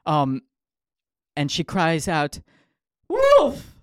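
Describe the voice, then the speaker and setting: A man's voice: on the high side, lively intonation, a little slow, dry recording, clean studio sound. A man hosting a podcast, telling a story in a playful, joking way with lots of ums and asides. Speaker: podcast host.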